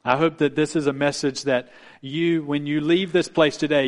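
A man preaching a sermon as pastor, earnest and measured, slowing down to stress key points. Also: mid-range voice. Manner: earnest preaching with emphatic slowdowns.

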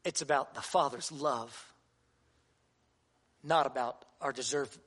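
A man's voice: mid-range voice, slow pace, fairly bright tone. A man in his thirties, a pastor giving a sermon to fathers, earnest and conversational with touches of humor.

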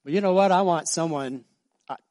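A male pastor delivers a sermon, alternating between soft, slow passages and loud, emphatic stretches pitched high. The sound is clean studio audio with no echo.

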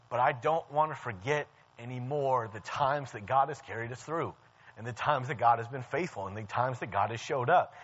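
A man's voice: mid-range voice, a bit bright, slightly rough. A young man preaching a sermon in a conversational storytelling way, often restarting his sentences. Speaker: church staff preacher. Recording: dull lo-fi sound.

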